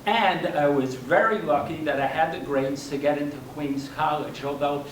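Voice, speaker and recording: Recorded from a distance in a spacious library workshop room with faint hum, an older man with a slightly high voice tells a live audience a story about himself. He moves at a moderate pace, mocking himself wryly and chuckling at his own punchlines.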